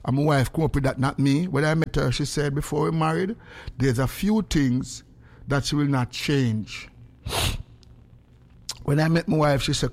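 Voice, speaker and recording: A middle-aged man with a Jamaican accent, chatting casually as a radio host in patois, now and then breaking into song or a shout. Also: on the high side, moderate pace, creaky, pauses often. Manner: patois, animated, bursts into singing and shouting.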